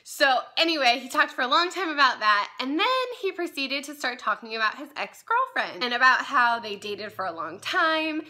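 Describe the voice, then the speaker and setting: A young woman tells a story to her vlog audience in an easygoing, rambling way. Her voice is fairly high and bright. She fills her talk with "like" and "um" and laughs at herself. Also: expressive, normal speed, few pauses. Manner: chatty, many fillers like "like" and "um", laughs at herself. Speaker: vlogger.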